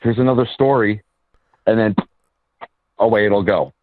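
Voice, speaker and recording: A man, an independent filmmaker and actor, telling stories in a casual interview with quick asides and restarts. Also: fairly low pitch, no room sound. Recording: tinny phone-line sound.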